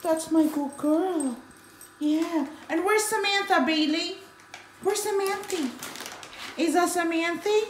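Very high, coaxing dog owner. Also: female voice, slow pace, slight background noise. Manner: coaxing, sing-song baby talk to a pet. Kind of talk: casual home video. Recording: echoey room.

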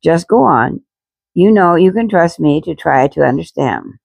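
A woman voicing a gentle, caring mother who speaks softly and soothingly in a read-aloud storybook. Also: low-pitched, animated, a little slow, gravelly, husky, no room sound, exaggerated voice. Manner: soft, soothing. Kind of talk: storybook reading.

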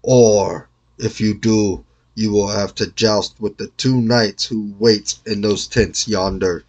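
A man's voice: on the low side, fairly even intonation, slow, a little mellow, lo-fi sound. A man doing a stubborn little dwarf servant. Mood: defiant. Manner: stubborn, then pleading. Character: defiant male dwarf servant.

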